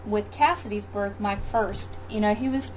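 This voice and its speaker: A woman's voice: mid-range voice, normal speed. Woman guest sharing a birth story in a loose, chatty way. Dull audio, faint hiss. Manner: chatty, many fillers and restarts. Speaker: interview guest, mother. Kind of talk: casual chat, birth story.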